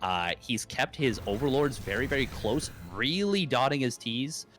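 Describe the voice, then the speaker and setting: A young adult man casts an esports match as casual play-by-play, rambling along with jokes and plenty of fillers. His medium-pitched voice is slightly bright, his intonation lively and his pace moderate. Faint music plays in the background.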